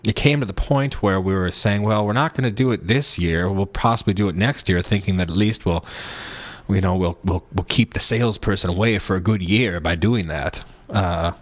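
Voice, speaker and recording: Rambling, jokey man telling a story. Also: moderate pace. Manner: rambling and playful, many restarts; jokey, slips into a high silly voice. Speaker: podcast host. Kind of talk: casual monologue storytelling.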